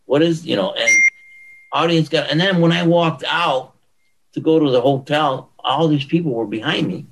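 An older man recounting contest memories in an animated, expressive way. He acts out the voices of the people in his stories. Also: on the high side, moderate pace, gravelly, low-quality recording. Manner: animated storyteller acting out quotes. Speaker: guest, former pro bodybuilder. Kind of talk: storytelling interview.

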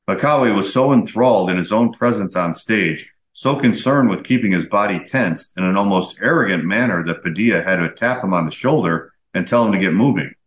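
Low-voiced man reading aloud in a roomy space. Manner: steady, measured storytelling read. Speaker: podcast host. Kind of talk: reading old magazine articles aloud. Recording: roomy echo.

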